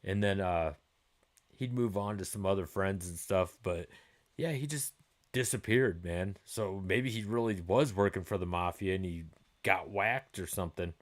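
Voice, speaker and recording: Speaking at normal speed in a low voice, a middle-aged livestream host chats casually with his viewers about their comments. His talk is loose, full of swearing and easy laughter.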